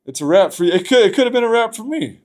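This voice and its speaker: A man's voice: high-pitched, lively intonation, rapid-fire, darkish tone. A man, a podcast guest, telling a story from his past in a loose, profane, casual way.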